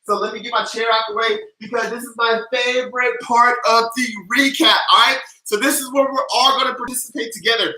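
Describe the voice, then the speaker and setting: A man hosting a casual livestream, answering viewer questions one after another and hyping up his audience. His voice sits high and very bright. The room around him is echoey. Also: brisk, hardly any pauses. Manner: energetic, hyped chant leader, loud and playful. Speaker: livestream tax advice host.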